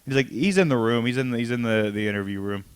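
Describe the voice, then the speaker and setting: A man's voice: medium pitch, fast talker, smooth, dry recording. A man co-hosting a casual comics podcast, retelling a story in a loose, rambling way and acting out the lines in his own voice. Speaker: podcast co-host. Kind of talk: casual chat about comics.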